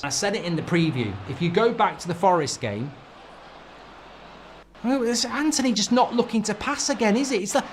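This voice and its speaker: Brief: middle-aged football fan host, high lively voice, exasperated swearing rants, faint background hiss. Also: male voice. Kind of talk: live match reaction commentary.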